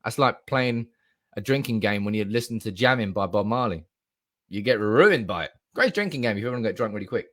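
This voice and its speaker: A young man hosting a live stream, animated and swearing freely while reading out comments from the chat. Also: fairly low pitch, a little fast.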